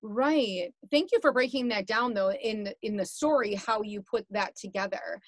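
A woman's voice: mid-range voice, moderate pace, dry recording. A woman hosting an interview, asking questions in a chatty, encouraging way. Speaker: host.

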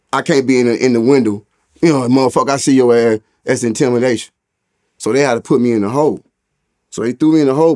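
A man telling a story in a casual interview, talking in heavy street slang and profanity, his voice jumping up loud and high whenever he acts out what people said. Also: no echo, clean studio sound. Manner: animated retelling with loud, high quoted exclamations. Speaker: interview guest.

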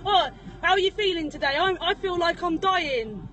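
A woman's voice: extremely high pitch, lively intonation, moderate pace, fairly bright tone, far from the mic. A woman playing a chatty, cheeky male taxi driver, rambling and giggly, recorded in a parked car. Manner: silly, rambling, giggly banter. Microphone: phone camera.

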